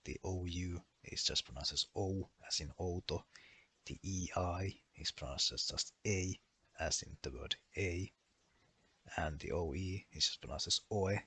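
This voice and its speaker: A man's voice: deep voice, a little slow, bright, forceful tone, breathy edge, no echo. A man narrating a language lesson as a voice-over, going through pronunciation rules methodically and listing one example after another. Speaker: language explainer.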